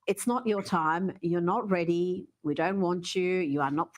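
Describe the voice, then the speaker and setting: A woman's voice: fairly low pitch, a little slow. Woman, news commentator, scripted, sarcastic, mocking.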